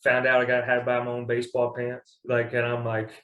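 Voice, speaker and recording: A man's voice: mid-range voice, monotone, a little fast, a bit bright, dull audio. A young man from Kentucky telling stories as a guest in a casual interview, rambling and full of fillers. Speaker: baseball pitcher, guest. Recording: echoey room.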